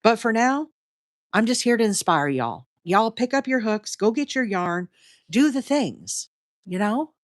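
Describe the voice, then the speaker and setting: A woman's voice: fairly high pitch, sing-song, a little slow, no echo, studio quality. A middle-aged woman with a Southern US accent, hosting a crochet livestream in a chatty, rambling way and talking straight to her chat. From Alabama, US. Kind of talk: casual live-stream chat while crocheting.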